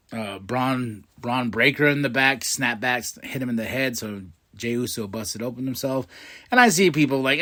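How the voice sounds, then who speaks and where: An excitable man hosting a podcast and recapping a wrestling show in a loose, chatty monologue. He slips into quick voices to act out what the wrestlers said. His voice sits at an ordinary middle pitch for a man.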